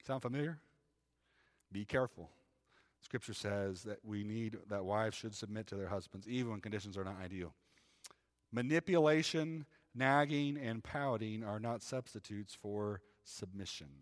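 A man's voice: fairly low pitch, normal speed, long reverb tail. A man preaching a sermon in a church, talking to the congregation in a conversational way and often adding "right?". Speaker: pastor. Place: church sanctuary.

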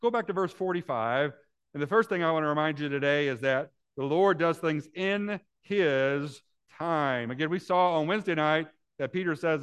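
A man's voice: normal speed, smooth. Male pastor telling a story in a sermon. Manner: storytelling, then earnest and drops softly low. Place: church sanctuary with congregation.

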